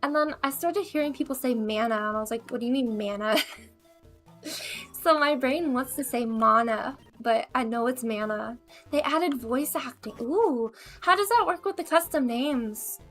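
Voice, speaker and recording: Woman, bubbly game streamer, slightly high voice, casual chatter, faint music behind. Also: unhurried, fairly bright tone. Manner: bubbly, chatty, laughs often. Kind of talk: casual gaming chat.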